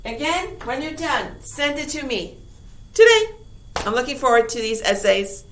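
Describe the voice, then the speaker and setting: A woman teacher reviewing a lesson for her class, upbeat and emphatic, full of rhetorical questions and quick "okay?" checks. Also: high voice, expressive. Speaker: high school English teacher.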